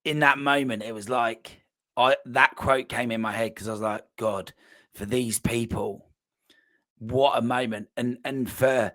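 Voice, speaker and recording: A man's voice: medium pitch, fairly even intonation, measured pace, a bit bright, dry recording. A man hosting a podcast, enthusiastic and rambling, with plenty of fillers. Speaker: podcast host, coach. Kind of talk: casual podcast interview.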